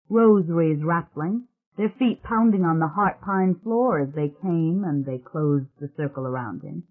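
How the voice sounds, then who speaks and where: Tinny audiobook narrator. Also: mid-range voice. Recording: tinny phone-like sound.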